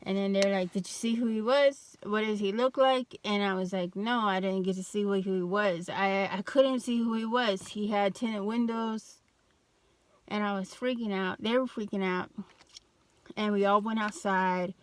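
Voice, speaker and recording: A woman's voice: mid-range voice, clean tone, no echo. A young adult woman telling a personal story in a casual vlog, loose and full of fillers and restarts. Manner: slow, even, flat delivery. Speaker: vlogger.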